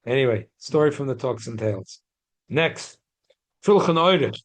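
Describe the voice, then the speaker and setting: A man's voice: mid-range voice, expressive, moderate pace, poor audio. A man teaching a religious class in a casual storytelling way, chatty, with many restarts and Hebrew and Yiddish terms mixed in.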